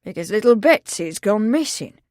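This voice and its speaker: A woman's voice: sing-song, a little mellow, no echo, clean studio sound, natural voice. A woman doing a gloomy old countryman. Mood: mournful. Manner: slow, mournful, lowered voice. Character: old countryman, lank, gloomy and slow-spoken.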